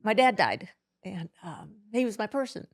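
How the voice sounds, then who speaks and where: Halting, emotional middle-aged woman. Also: medium pitch, very animated. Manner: halting, emotional, many restarts. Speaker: podcast guest. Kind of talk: emotional interview.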